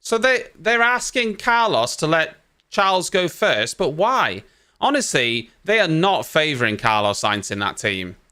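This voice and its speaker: A man's voice: on the high side, very animated, measured pace, sharp tone, clean tone. A young man hosting a race watchalong, giving live reaction commentary in an exasperated, ranting way and swearing casually.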